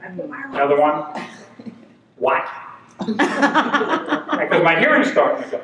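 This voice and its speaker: A man in his sixties tells comic stories in a lively way and acts out the people he quotes. His voice sits rather high for a man. It is picked up from a distance in an echoey room, with clear background noise. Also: slow. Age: 60s. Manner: animated, acts out quoted voices, laughs through punchlines. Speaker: humor speaker. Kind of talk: humorous storytelling talk.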